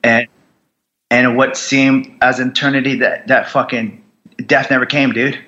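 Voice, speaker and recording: A young man, a Marine veteran, telling his story bluntly in an interview, with heavy swearing and halting restarts. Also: mid-range voice, little pitch movement, bright, forceful tone, lo-fi sound.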